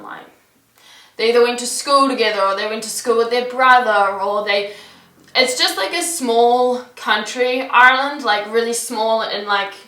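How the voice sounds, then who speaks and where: A woman's voice: mid-range voice, pushed and bright, no room sound. A young woman from New Zealand chatting casually to camera as a vlogger, filling nearly every phrase with "like". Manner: chatty, fills with "like" constantly. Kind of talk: casual vlog chat.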